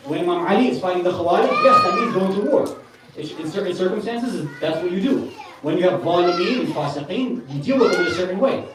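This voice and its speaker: Brief: male preacher, earnest and conversational, recorded far off in a big echoey hall. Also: sits high. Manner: earnest, conversational, with Arabic religious terms. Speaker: speaker at a Muharram gathering. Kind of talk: sermon. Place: large hall with a gathering.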